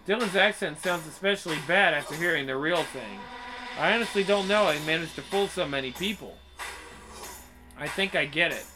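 Dude reading out a game's lines, bemused and low-key, soft game music under it. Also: male voice. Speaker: game player. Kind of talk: reading game dialogue aloud.

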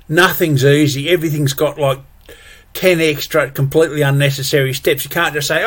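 A man's voice: a little high, fairly even intonation, normal speed, a bit bright. A man ranting angrily and profanely, full of exasperated repetitions. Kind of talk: angry solo rant.

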